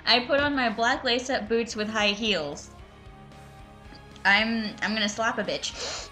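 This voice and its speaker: A woman's voice: a little high, takes it slowly, bright, forceful tone, soft background music. A woman reading a fanfiction aloud and breaking off into sarcastic, profane commentary. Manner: sarcastic, profane, exasperated asides. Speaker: reader and commentator.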